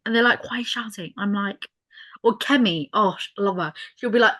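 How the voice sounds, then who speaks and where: A woman's voice: medium pitch, expressive, moderate pace, pushed and bright. A young woman hosting a podcast, talking candidly and correcting herself, swearing freely. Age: young adult. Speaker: podcast host. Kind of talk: casual chat.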